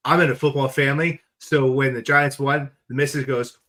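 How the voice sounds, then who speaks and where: A man's voice: medium pitch, fairly even intonation, moderate pace, hardly any pauses, bright, forceful tone. A man appearing as a guest on a sports podcast, chatting casually and making emphatic, blunt predictions.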